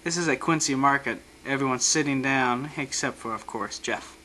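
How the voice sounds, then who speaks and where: A man with a bright, forward voice walks through his family's vacation photos, dropping dry little jokes between captions. A faint hiss sits under the recording. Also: mid-range voice, moderate pace, rough recording. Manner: dry, joking asides. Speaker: home video narrator.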